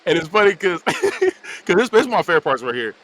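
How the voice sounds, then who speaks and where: Мужчина с очень живой, подвижной интонацией. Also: male voice, high-pitched, a little fast, crowd noise, low-quality recording. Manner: animated storytelling, frequently laughing. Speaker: podcast host. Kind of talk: casual movie recap.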